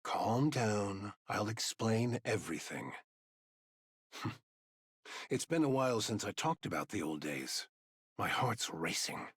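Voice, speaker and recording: Wry aging commander. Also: male voice, on the low side, sing-song, slow pace, pauses often, breathy edge, dry recording, exaggerated voice. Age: older. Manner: dry teasing banter. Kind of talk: game voice acting.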